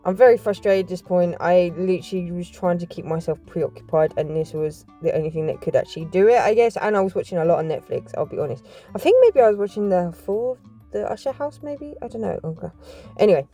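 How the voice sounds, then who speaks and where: A woman's voice: fairly low pitch, quick pace, warm tone, soft background music. A woman chatting casually to her viewers while doing a puzzle, rambling off topic and often apologising. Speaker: puzzle vlogger. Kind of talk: casual chat to camera.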